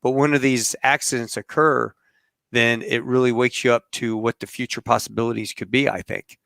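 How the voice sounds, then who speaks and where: A man's voice: mid-range voice, steady tone, moderate pace, creaky, a bit bright, no room sound, studio quality. A middle-aged man hosting a podcast in a loose, rambling chat with fillers and pilot slang. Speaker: podcast host.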